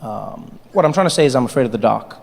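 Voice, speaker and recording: A man doing a stand-up comedy set on a large theater stage, telling his story in an animated way, with sudden drops and jumps in his voice. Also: medium pitch, fast talker, vocal fry, crowd noise, noisy background. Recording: live show in a reverberant hall.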